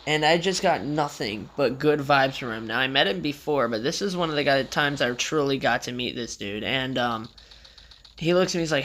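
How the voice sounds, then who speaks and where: A man's voice: medium pitch, lively intonation, moderate pace, a bit bright. A young man casually telling a rambling story in a vlog, with loose slangy talk and frequent swearing.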